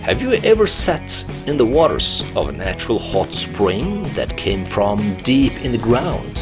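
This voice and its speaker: A man narrates a travel program from a script, and his pitch moves a lot from line to line. He often turns to the viewer with questions. Plucked guitar music plays clearly under his voice. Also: huge pitch swings, a little slow. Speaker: travel show host.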